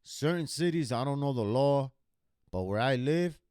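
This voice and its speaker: A man's voice: mid-range voice, expressive, normal speed, darkish tone, clear, resonant tone, no room sound, clean studio sound. A man streaming a reaction video, telling a personal story casually in a blunt, profane, emphatic way.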